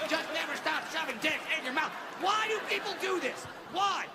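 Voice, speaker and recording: High-voiced man ranting on a comedy stage. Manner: loud, animated, ranting delivery with shouted punchlines. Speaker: stand-up comedian. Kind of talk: stand-up comedy set. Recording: echoey theater with audience noise.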